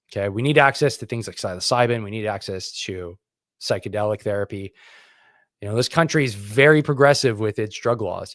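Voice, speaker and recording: A middle-aged man from Canada hosts his own show, talking straight to his listeners in a rough, plainspoken manner. His voice sits at an ordinary pitch and jumps into loud, emphatic bursts when he pushes a point. He is recorded close up in a dry room with no echo. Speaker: veteran podcast host. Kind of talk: impassioned solo talk to camera.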